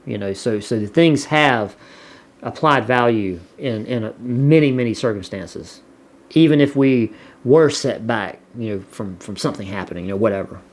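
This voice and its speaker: A man with a Southern US accent and a lowish voice chats casually at normal speed as a vlogger. He rambles and repeats words while reading viewer comments.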